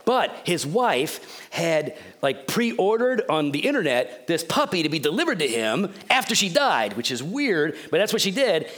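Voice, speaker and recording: A pastor giving a sermon in a joking, conversational, storytelling manner. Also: male voice, a little high, big pitch swings, measured pace, few pauses, a bit bright.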